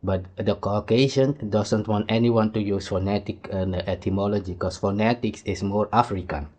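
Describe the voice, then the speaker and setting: A man with a somewhat low voice talks casually as he reacts to a clip. He rambles and drifts between side points, often trailing off before he picks the thread back up. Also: steady tone, moderate pace, a little mellow. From Suriname.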